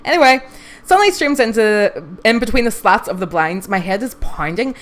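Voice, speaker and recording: A woman's voice: on the high side, expressive, normal speed. A woman streaming a dating game, reading its text aloud and joking with frequent laughs and casual swearing.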